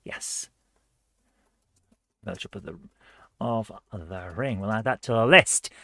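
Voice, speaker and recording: A woman's voice: rumbling low, slow, bright, forceful tone, no echo. A woman hosting a live retro gaming stream, reading viewer comments aloud in a chatty, upbeat way and laughing easily.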